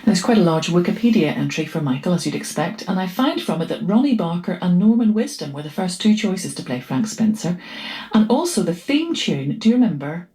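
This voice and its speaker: A radio presenter rounds off a programme in a relaxed, chatty, conversational manner. The voice sits in a middle pitch and stays easygoing throughout. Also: a little fast, low-quality recording. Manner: chatty, conversational, hums a tune. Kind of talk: casual broadcast presenting.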